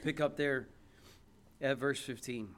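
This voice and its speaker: A man's voice: mid-range voice, slow. A man preaching an emphatic sermon, reading scripture aloud and putting rhetorical questions to his listeners.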